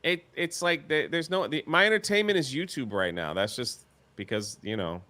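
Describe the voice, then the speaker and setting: A man with a fairly high, bright and forceful voice chats casually as co-host. He rambles, trails off mid-thought and often laughs through his words. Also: moderate pace. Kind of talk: casual chat.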